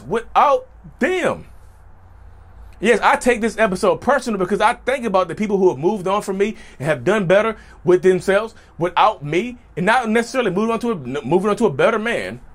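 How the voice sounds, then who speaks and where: A man hosting his own channel in a casual monologue, repeating his points and calling his viewers "y'all", his voice sometimes cracking. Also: high voice. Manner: animated, repeats phrases, addresses viewers as y'all. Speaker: YouTube channel host.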